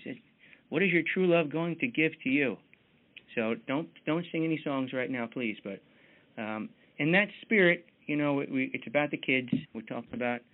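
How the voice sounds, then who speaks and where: A man leading a motivational team mentoring call in a folksy, chatty manner, full of fillers, heard over tinny call audio. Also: medium pitch.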